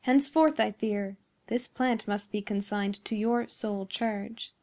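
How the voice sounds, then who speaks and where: Frail elderly scientist father in a storybook reading, weak infirm tone, slow and grave, put on by a woman narrator. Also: medium pitch, a little mellow, natural voice. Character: infirm, cautious old male gardener-scientist.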